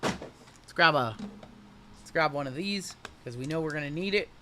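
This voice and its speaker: A high, bright-voiced man runs a livestream card break, calling out every pull as it comes. He keeps the patter jokey and upbeat between cards. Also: expressive, normal speed, a little hiss or hum. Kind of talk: livestream card-opening commentary.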